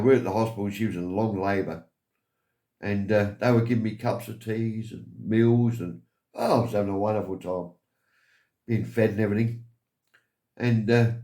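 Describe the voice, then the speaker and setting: A man's voice: on the low side, a little mellow. An older Englishman telling rambling, chuckling family stories in a vlog, acting out the voices of the people he quotes. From England. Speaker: vlogger. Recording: roomy with faint music behind.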